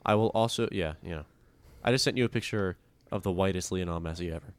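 A man's voice: low voice, fast talker, no room sound. A young man co-hosting a casual podcast, rambling and cutting himself off as he tells a story with a joking edge. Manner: rambling, self-interrupting, jokey. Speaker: podcast co-host. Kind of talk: casual chat.

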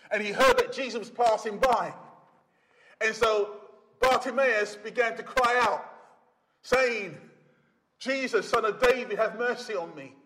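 A man preaching a sermon in a dramatic way, acting out the Bible characters' voices and rising to loud emphasis. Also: sits high. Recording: long hall reverb.

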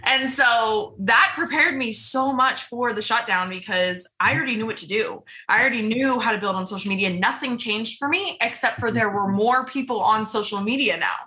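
Bright-voiced woman, chatty and eager. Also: on the high side. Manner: fast, enthusiastic, repeats words for emphasis. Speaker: podcast guest. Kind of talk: casual interview chat.

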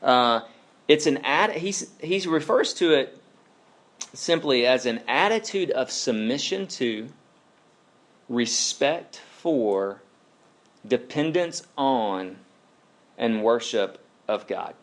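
A man in his thirties delivers a sermon in a loose, conversational way, leaning on asides and questions to the room. His pitch sits in an ordinary middle range for a man. He slips easily into retelling and storytelling as he preaches. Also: animated, slow pace, pauses often. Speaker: pastor.

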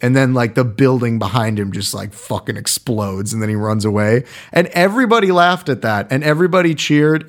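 A man giving a casual, rambling film review in a wry, irreverent way, full of fillers. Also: on the high side.

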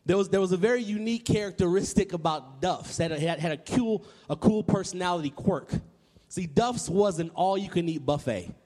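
High-voiced man telling a story in a hall. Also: fairly quick. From Nashville, Tennessee, US. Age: 30s. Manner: animated, repeats words, acts out remembered voices. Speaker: public speaker. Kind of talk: storytelling speech to a live audience.

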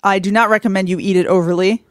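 A woman's voice: medium pitch, fairly even intonation, fast talker, no room sound, clean studio sound. Teasing woman co-host explaining words. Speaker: podcast co-host. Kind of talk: casual chat.

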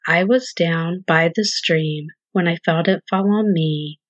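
Anxious little chick, read by a woman, urgent and repetitive, lowish voice, dull lo-fi storybook recording. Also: measured pace, no room sound. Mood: alarmed. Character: frightened little hen chick.

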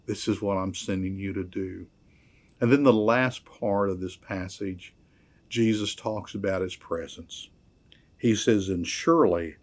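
A man preaching a sermon, measured and emphatic, repeating key phrases. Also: fairly low pitch, darkish tone. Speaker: pastor.

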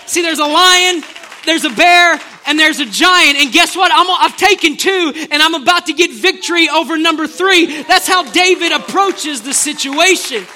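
Man voicing a swaggering teenage shepherd hero: high, bright, boastful, street-casual. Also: moderate pace, full character voice. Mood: confident. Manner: swaggering, casual slang, rising to shouts. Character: brash confident teenage shepherd boy, trash-talking.

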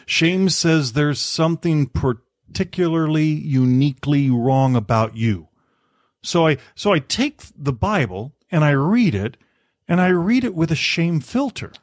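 A man speaking as a podcast guest, animated, often stammering and restarting words. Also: a little high, unhurried, dry recording, studio quality. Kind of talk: podcast conversation.

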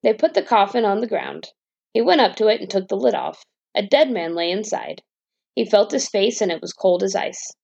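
Gravelly-voiced woman reading a bedtime story. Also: medium pitch, moderate pace, highs cut off. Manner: calm, even storybook narration.

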